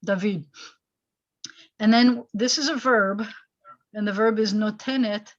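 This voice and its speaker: Female rabbi and teacher, patient and explanatory, mid-pitched voice, slightly muffled video-call sound. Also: measured pace. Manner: patient, explanatory, asks students questions. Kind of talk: online Hebrew lesson.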